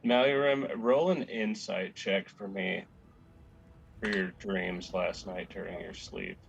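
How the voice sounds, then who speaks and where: A man narrating as dungeon master, describing scenes and calling for rolls in a relaxed way. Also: low voice, slow, vocal fry, highs cut off, a little hiss or hum. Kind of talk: narrating a tabletop game.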